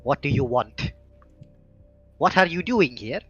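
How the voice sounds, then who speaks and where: A man's voice: fairly high pitch, animated, a little slow, fairly bright tone, slightly rough, no echo, highs cut off, soft background music, exaggerated voice. A man doing a pompous, irate archmage. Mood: haughty. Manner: blustering, exasperated.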